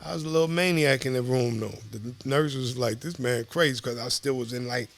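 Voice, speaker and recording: A middle-aged man from Southside Jamaica Queens with a New York accent, telling stories as a podcast guest in an animated, profane way. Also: mid-range voice, a little fast, gravelly. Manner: animated, profane, acts out quoted voices. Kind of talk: casual storytelling.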